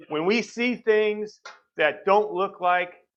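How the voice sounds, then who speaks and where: A man's voice: high voice, slow pace, fairly bright tone, dull audio. A man sharing his personal testimony from a church pulpit, telling the story conversationally and acting out what people said. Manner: conversational storytelling, acts out quoted doctors. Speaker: church member giving testimony. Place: church sanctuary.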